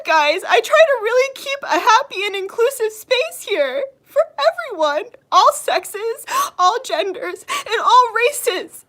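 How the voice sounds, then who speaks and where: A young woman hosting her channel, crying as she speaks, hurt and indignant, with halting restarts. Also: very high-pitched, expressive, fairly bright tone. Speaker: channel host. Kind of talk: emotional livestream vlog.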